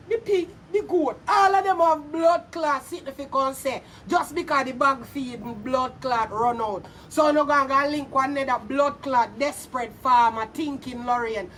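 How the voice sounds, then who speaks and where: A high-voiced Jamaican woman tears into a rival in a furious, foul-mouthed vlog rant, often breaking into shouts. She sits a little back from the mic, with faint noise underneath. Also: recorded from a distance. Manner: loud, profane, insulting, often shouting. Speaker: vlogger. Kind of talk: angry social media rant.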